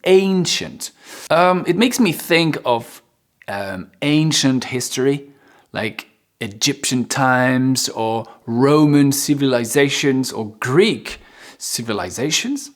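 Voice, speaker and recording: A man gives an unhurried English vocabulary lesson, speaking at a measured, deliberate pace. He repeats each new word for his learners in a mid-range voice. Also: mid-range voice, lively intonation. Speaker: English teacher.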